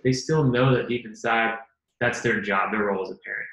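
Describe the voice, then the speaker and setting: In an echoey room, a man co-hosts a casual advice chat, earnestly explaining things and acting out quoted exchanges. His mid-range voice is brisk and fairly bright, though the audio sounds dull.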